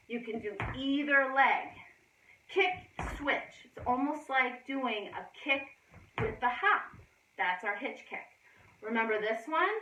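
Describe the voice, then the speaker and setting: A woman's voice: fairly high pitch, bright, forceful tone, distant mic, slight background noise. Upbeat woman coaching kids in an echoey gym. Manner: encouraging, upbeat, sing-song cues to children. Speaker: gymnastics instructor. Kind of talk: demonstrating a kids' gymnastics class. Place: indoor gym.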